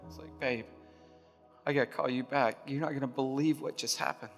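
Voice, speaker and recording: A man preaching a sermon, telling a story in a hushed voice, then building to loud impassioned preaching. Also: medium pitch, steady tone, a little fast, vocal fry. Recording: long reverb of a large hall, music behind.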